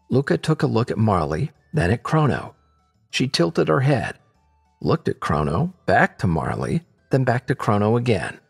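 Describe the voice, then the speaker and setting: A man narrating an adventure story in an expressive storytelling manner. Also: mid-range voice, normal speed, vocal fry, slightly rough, faint music behind.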